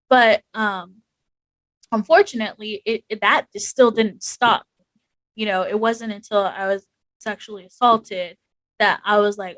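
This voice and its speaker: A young woman speaks candidly as a podcast guest, her voice sitting at an ordinary middle pitch. She talks frankly and emotionally, with plenty of "like" fillers. The recording is dry and close. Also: fairly even intonation, moderate pace, a bit bright, no room sound, low-quality recording. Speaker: podcast guest, Army veteran. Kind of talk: candid conversational storytelling.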